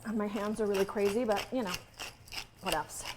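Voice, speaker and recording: A woman chef walks through a home-style recipe in a kitchen, talking casually and tossing in playful asides. Her voice sits at an ordinary middle pitch, with a faint hiss of noise behind it. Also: steady tone, fairly quick. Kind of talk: casual home cooking demonstration.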